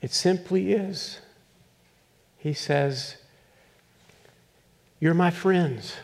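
A male pastor preaching a sermon, telling a story with acted-out voices and chuckles, then asking animated questions. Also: high voice, extremely slow.

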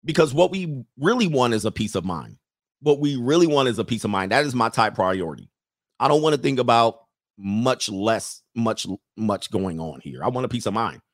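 A man's voice: mid-range voice, animated, normal speed, no echo, studio quality. A man hosting a live stream, reading viewer comments aloud and riffing on them in a loose, joking way. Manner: loose, joking, talks straight to the chat. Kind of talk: casual commentary.

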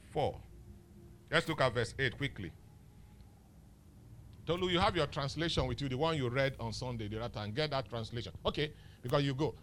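A man's voice: a little high, a bit bright. A male pastor preaching a sermon, emphatic and teasing, firing rhetorical questions at the congregation. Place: church.

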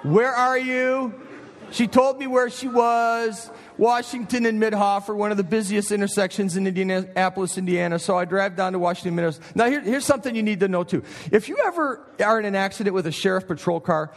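Middle-aged pastor, high-ish voice, lively sermon storytelling in an echoing chapel. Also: male voice, a little fast. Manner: animated storytelling with frequent asides to listeners. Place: college chapel. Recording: long chapel reverb.

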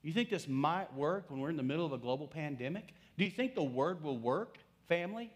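A man's voice: a little high, expressive, fairly quick. Storytelling pastor preaching to his congregation. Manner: storytelling, asks the congregation questions. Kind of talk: sermon.

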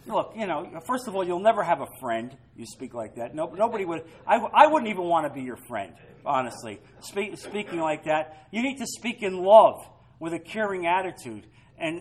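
Guy preaching a sermon, high voice, punches some words loud then drops soft. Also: very animated, fairly quick, breathy edge, rough recording. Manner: emphatic, shifting between loud stresses and quiet asides. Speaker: pastor.

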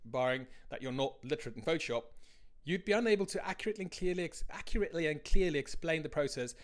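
A man's voice: a little high, animated, fast. A man who is a dad, reading his own blog post aloud in a candid, conversational way.

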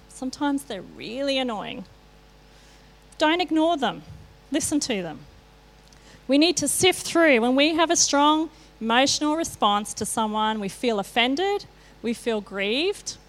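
A middle-aged woman giving a sermon, telling candid personal stories with self-mocking asides. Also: a little high. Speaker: church speaker.

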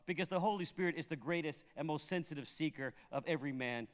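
Pastor guy from puerto rico, high voice, preaching a story, hall echo. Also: brisk, few pauses, smooth. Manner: animated, acts out the people in his story. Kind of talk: sermon storytelling. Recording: long hall reverb.

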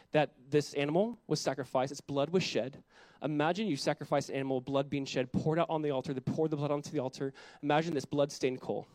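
A man's voice: on the high side, darkish tone, no room sound, rough recording. A man who is a pastor, preaching a sermon in an earnest, conversational way that builds in intensity.

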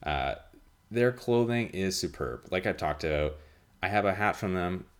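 A man hosting his own podcast, talking casually in a nasal monotone and rambling with lots of fillers and restarts. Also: low-pitched, moderate pace, clear, resonant tone. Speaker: podcast host. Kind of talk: casual solo podcast chat.

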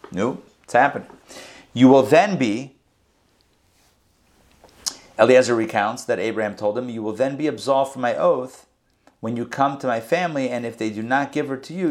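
A man, a rabbi, teaching a Torah class and retelling the verses in a lively storytelling way. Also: medium pitch. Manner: animated storytelling, acts out the verses.

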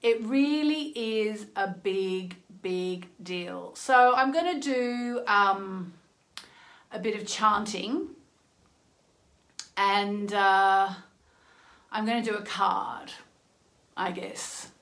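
A woman's voice: mid-range voice, very slow, pauses often, fairly bright tone. A woman chatting earnestly into her phone as the host of an astrology livestream, with many "you know" asides. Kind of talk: casual livestream chat.

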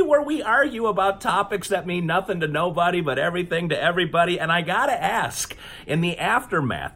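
A man co-hosting a comedy debate show, loud and excitable, a little tipsy as he jokes around. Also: sits high, slightly rough. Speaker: podcast co-host. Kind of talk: comedic banter.

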